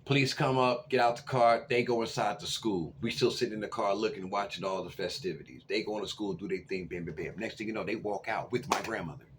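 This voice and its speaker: Animated storytelling man in his forties. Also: fairly low pitch, slight background noise. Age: 40s. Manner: animated, swings from loud to hushed. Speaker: vlogger. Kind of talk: casual storytelling to camera.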